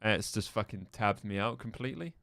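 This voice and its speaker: A man's voice: lowish voice, animated, brisk, gravelly, heavy background noise. A young man from the English Midlands with a neutral English accent, chatting casually and swearing while streaming a game. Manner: sweary, joking banter with chat. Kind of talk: casual live-stream chat while gaming.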